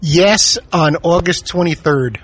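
A man's voice: fairly high pitch, slow pace, husky, soft background music. A man co-hosting a casual sports talk show, chatting eagerly. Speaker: co-host.

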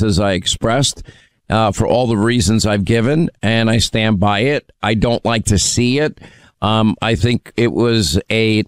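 Male talk radio host, smooth resonant voice, dry studio sound, opinionated and forceful. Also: on the low side, no room sound. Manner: forceful, opinionated, many fillers. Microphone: studio microphone.

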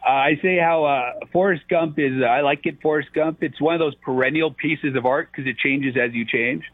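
A man in his thirties phones in to a radio show, telling his jokes in a halting way full of ums. The call sounds tinny and phone-like, with a dry, close sound. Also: a little high, no room sound. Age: 30s. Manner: halting, many fillers, joking. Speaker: caller.

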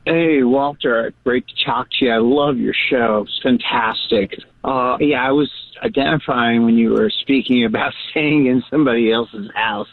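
A man's voice: medium pitch, moderate pace, dry recording. A man calling in to a radio show, eagerly telling a story with laughs and many fillers, heard over a phone line. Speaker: caller. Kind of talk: chatty call-in anecdote.

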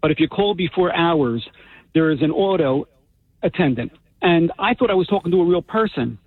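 A man's voice: on the high side, expressive, normal speed, breathy edge, no room sound. A man calling in to a radio show, chatting in a friendly way and telling stories, heard over the phone. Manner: friendly, storytelling, a bit joking. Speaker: caller. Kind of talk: casual phone-in chat. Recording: tinny phone line.

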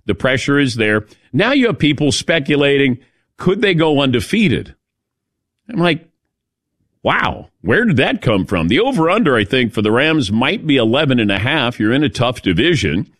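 A man's voice: medium pitch, very animated, normal speed, a bit bright, no echo, studio quality. A middle-aged man hosting a casual sports talk radio show, chatty and storytelling, laughing at his own jokes.

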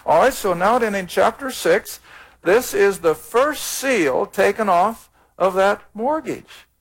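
A man's voice: high voice, animated, takes it slowly. A man teaching the Bible on a taped program, reading scripture aloud and explaining it in a plain, earnest way.

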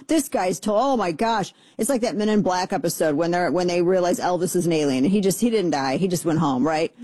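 A talk show host giving casual comedic commentary, excitable and jokey, often leaping up in pitch for mock excitement. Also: fast, dry recording, studio quality.

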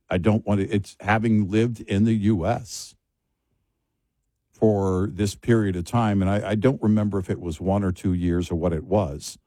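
A man from the United States talks in a low voice during a relaxed chat show. He rambles from one story to the next, circling back with restarts and side remarks. The sound is dry and close to the mic. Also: no room sound. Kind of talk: casual chat.

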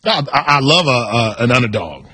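A man's voice: medium pitch, fairly quick, breathy edge, no echo. A man co-hosting a sports talk radio show, bantering playfully with his co-host. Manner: playful, bantering, lively intonation.

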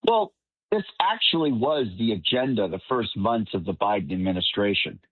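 A man's voice: on the low side, animated, normal speed, breathy edge, no echo. A man appearing as a political commentator guest, talking at length in an emphatic, long-winded way. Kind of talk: panel commentary. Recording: tinny phone-like line, dry.

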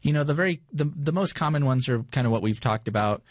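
A man's voice: mid-range voice, lively intonation, fast talker, no echo, clean studio sound. A man co-hosting a podcast in casual chat, rambling with many fillers and restarts. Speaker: podcast co-host.

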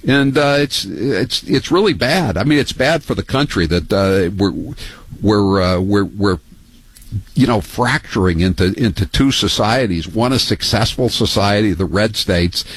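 Husky talk radio host. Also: male voice, lively intonation, measured pace. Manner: opinionated, rambling, voice jumps high when riled.

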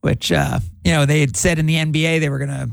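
A man hosting a casual sports podcast, relaxed and chatty as he gives live match updates and trades takes. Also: fairly high pitch, fast, vocal fry, dry recording. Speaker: podcast host.

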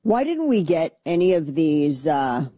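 A woman's voice: low voice, big pitch swings, unhurried, mellow, dry recording. A woman hosting a political talk radio show, talking in a blunt, combative and sarcastic way into a studio microphone.

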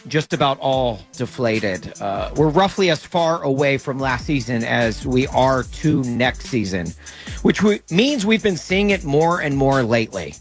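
A young man co-hosting a sports talk show, delivering a mocking comedic rant and putting on whiny voices. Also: mid-range voice. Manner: mocking, animated, puts on whiny voices for quotes. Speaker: podcast co-host.

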